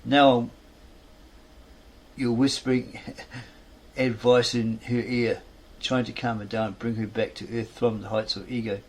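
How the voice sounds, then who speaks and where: A man narrates a fan story in a rambling way, often stopping to restate his words. His pitch stays flat and his voice sits around the middle for a man. A faint hiss runs underneath. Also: unhurried. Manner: rambling, self-correcting. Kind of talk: reading a fan story aloud.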